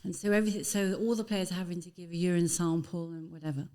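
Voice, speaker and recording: Chatty woman telling lively anecdotes. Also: lowish voice, fast. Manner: chatty, animated storytelling with apologetic asides. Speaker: guest. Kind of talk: casual anecdotal interview chat.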